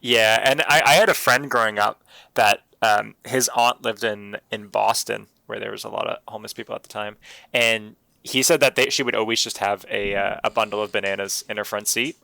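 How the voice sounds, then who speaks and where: Gravelly, bright-toned young man. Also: lowish voice, fairly even intonation, fairly quick, no room sound, rough recording. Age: young adult. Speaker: podcast co-host. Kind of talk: casual chat.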